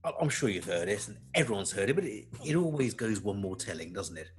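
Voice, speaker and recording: A man co-hosting a podcast, chatting and telling a joke in a rambling, animated way. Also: lowish voice, quick pace, faint music behind. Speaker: podcast co-host. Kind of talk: casual chat and joke telling.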